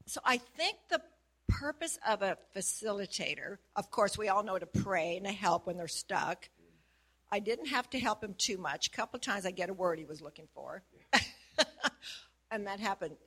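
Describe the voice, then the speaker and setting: A woman's voice: medium pitch, lively intonation, moderate pace, a bit bright, breathy edge. A woman who works as a prayer facilitator, sharing her experience casually and earnestly, laughing often as she talks. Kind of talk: casual testimony.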